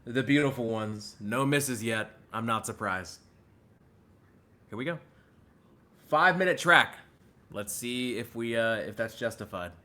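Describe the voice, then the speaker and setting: A young man giving a live album reaction as a music reviewer, chatty and leaning heavily on filler words. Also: mid-range voice. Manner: animated, chatty, leans heavily on "like".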